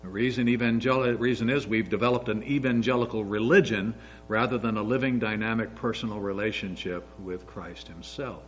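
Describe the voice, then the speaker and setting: A man's voice: lowish voice, low-quality recording. A man in his sixties giving an earnest, story-filled sermon as a pastor. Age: 60s.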